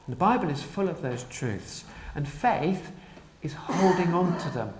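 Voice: mid-range voice, expressive, darkish tone. Preacher giving an earnest sermon, leaning hard on key lines, recorded in a reverberant room. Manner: earnest, emphatic, slows down to stress key declarations.

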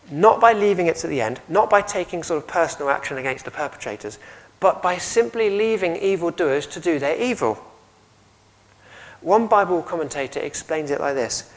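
English man preaching a lively sermon. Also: on the high side, low-quality recording. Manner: lively storytelling, audience questions.

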